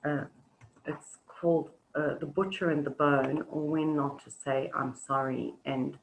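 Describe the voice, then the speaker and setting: A woman teaching an online webinar, talking reflectively with halting pauses and fillers over a video call. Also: low-pitched, steady tone, a little hiss or hum, rough recording. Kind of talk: webinar talk with storytelling.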